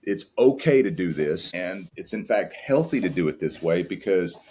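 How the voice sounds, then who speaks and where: A very deep-voiced man speaks as a podcast guest, earnest and open as he reflects on fatherhood. His talk is warm in content but plain, full of restarts as he searches for words. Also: expressive, normal speed. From United States. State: tearing up at times.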